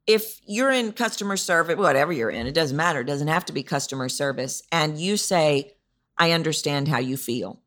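Host, female, low register, emphatic voice-coach podcast delivery. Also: expressive, fairly quick, a bit bright. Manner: emphatic, repetitive, demonstrates vocal delivery. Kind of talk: solo podcast teaching.

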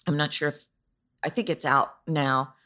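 A woman's voice: low voice, fairly even intonation, normal speed, a bit bright. A woman hosting a solo podcast, teaching about voice and delivery in an emphatic, repetitive way. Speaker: podcast host, voice coach.

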